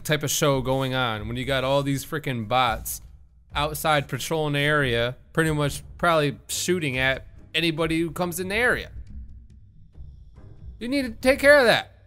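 A man giving casual, jokey let's-play commentary, reacting excitably to the game. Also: fairly high pitch, moderate pace, smooth, soft background music. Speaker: gaming YouTuber.

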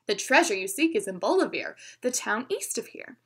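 A woman's voice: a little high, big pitch swings, moderate pace, fairly bright tone, breathy edge, exaggerated voice. A woman voicing a brave, clever young boy, eager and earnest, in a read-aloud story. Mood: bold.

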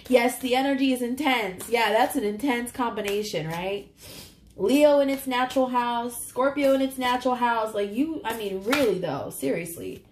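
A tarot reader, a woman with a rather high voice, speaks at a normal pace in an echoey room with a little background noise. She's doing a casual reading to camera, chatty and emotional, choked up and close to tears, swearing casually and repeatedly saying "you guys."

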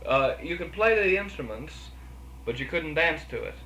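A man's voice: fairly high pitch, animated, moderate pace, bright, forceful tone. Echoey male interviewer asking questions. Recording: echoey room with faint background noise.

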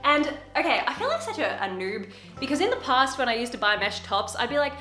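A woman's voice: high voice, very animated, a little fast, sharp tone. A young woman YouTuber in casual, bubbly try-on haul chat, often laughing. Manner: bubbly and chatty, often laughing, talks to her pet. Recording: echoey room with background music.

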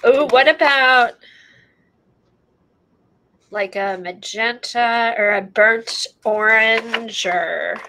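A woman chats casually with a crafting friend, jumping in with eager suggestions. Her voice is bright and a little high. She talks into a camera mic. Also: drawn-out words, pauses often, slight background noise, rough recording. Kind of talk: casual chat.

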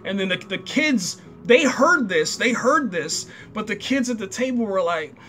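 A man's voice: high-pitched, lively intonation, a little slow, bright, forceful tone, faint music behind. A man giving a casual, slangy recap of a TV episode, acting out the characters' lines as he goes. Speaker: show reviewer.

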